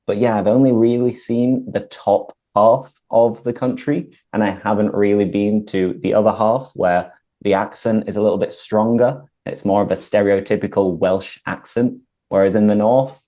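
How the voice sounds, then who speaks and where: A male host and English teacher speaks clearly and patiently as he explains word usage to his listeners. His voice is low and mellow, with a warm, relaxed tone. He asks his guest questions in a conversational way.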